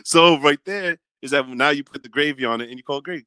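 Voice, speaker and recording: A man co-hosting a podcast in casual banter, animated and argumentative, explaining at length. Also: on the high side, quick pace, clear, resonant tone, no room sound. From New England. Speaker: podcast co-host.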